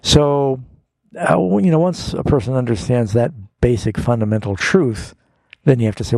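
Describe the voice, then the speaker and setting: A man's voice: medium pitch, normal speed, vocal fry, a little mellow, no echo. A man hosting a call-in radio Bible show as pastor, explaining scripture in a folksy, explanatory way with homespun illustrations.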